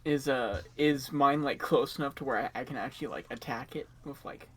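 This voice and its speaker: A man's voice: mid-range voice, fairly quick. A man playing a tabletop game over voice chat, talking hesitantly with many restarts. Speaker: player.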